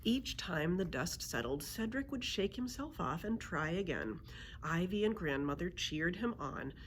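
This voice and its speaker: A woman librarian reading a children's book aloud with expressive storytelling narration. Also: on the low side, measured pace, a little hiss or hum.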